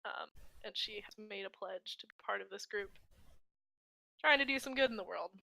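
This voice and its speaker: A young adult woman introducing her character in a casual tabletop game chat, relaxed and a bit sweary. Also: medium pitch, moderate pace, vocal fry.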